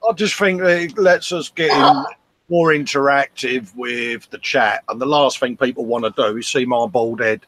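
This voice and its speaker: A man's voice: mid-range voice, moderate pace, a bit bright. Easygoing joking male co-host. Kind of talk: casual live stream chat.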